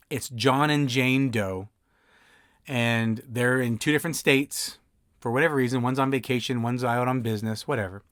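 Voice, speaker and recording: A man's voice: mid-range voice, fairly bright tone, no echo, studio quality. Conversational man giving podcast tips. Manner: conversational, acts out client dialogue. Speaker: podcast host and signing service owner. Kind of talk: instructional podcast talk.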